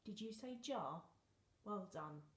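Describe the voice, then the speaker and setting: A woman's voice: mid-range voice, expressive, takes it slowly, echoey room. A young woman teaching phonics to young children, playful and encouraging, often dropping into whispers. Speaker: reception class teacher.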